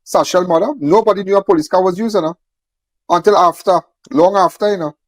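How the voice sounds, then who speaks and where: A man's voice: sits high, brisk. A man speaking emphatically, repeating phrases and firing off rhetorical questions. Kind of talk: impassioned on-camera talk.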